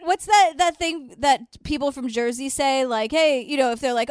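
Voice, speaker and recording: A woman in a casual chat who talks in an animated way, laughing and swearing freely. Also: high-pitched, fairly quick, hardly any pauses, clear, resonant tone, no room sound, clean studio sound.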